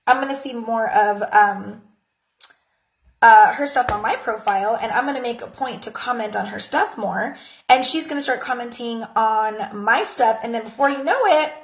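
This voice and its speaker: A woman in her thirties giving casual social media tips for her jewelry business, chatty and acting out little conversations. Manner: chatty, acts out conversations in a high bright voice. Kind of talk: casual talk to camera. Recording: echoey room.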